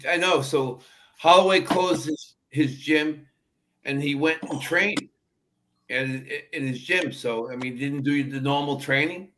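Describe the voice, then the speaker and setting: A man's voice: a little high, measured pace, pushed and bright, slight background noise. A man on a video call chatting in an easygoing way, mixing short remarks with longer runs of talk. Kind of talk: casual livestream chat.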